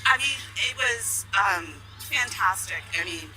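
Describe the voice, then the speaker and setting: A woman guest in a live broadcast interview, emotional and halting as she talks. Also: medium pitch, expressive, music in the background, low-quality recording. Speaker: guest, eclipse chaser.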